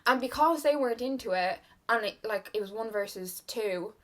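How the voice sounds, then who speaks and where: A talkative young Irish woman with a slightly high voice, rambling and confiding as she gets ready at home. She leans on "like" and "kinda" and drifts between personal stories and makeup steps, recorded on a camera mic. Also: normal speed, fairly bright tone. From Ireland. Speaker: beauty vlogger. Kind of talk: chatty get-ready-with-me talk.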